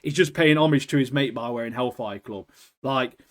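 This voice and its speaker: A young British man co-hosting a podcast, chatting casually and excitedly, swearing and calling his friend "mate" constantly. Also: mid-range voice, a little fast. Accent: British English. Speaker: podcast co-host. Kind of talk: casual chat.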